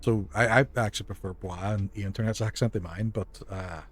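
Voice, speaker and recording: Fairly low in pitch and fairly quick, this man's voice holds a steady tone. He's from Northern Ireland, has a Derry accent, and offers casual live commentary while streaming a game, musing aloud in a chatty way with casual swearing.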